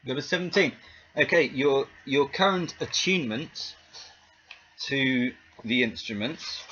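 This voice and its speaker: A man's voice: mid-range voice, unhurried, pushed and bright, lo-fi sound, a little hiss or hum. A man narrating as game master in a casual, hesitant way with many restarts.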